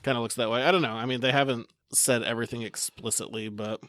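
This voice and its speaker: A man's voice: medium pitch, steady tone, fast talker, a bit bright, dry recording, studio quality. A man hosting a casual pop culture podcast, running through the news in a chatty, rambling way. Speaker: podcast host. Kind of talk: casual chat.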